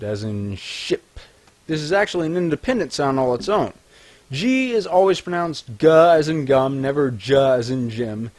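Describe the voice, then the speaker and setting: A man narrating a language tutorial, scripted and deliberate, slowing down to enunciate example sounds clearly. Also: a little high. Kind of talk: scripted instructional voice-over.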